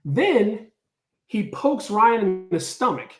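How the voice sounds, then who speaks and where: A man casually telling a story, animated and full of filler words, acting out what people said. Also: high-pitched, slow pace, roomy sound. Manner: animated, lots of "like", acts out quotes. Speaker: storyteller on a podcast.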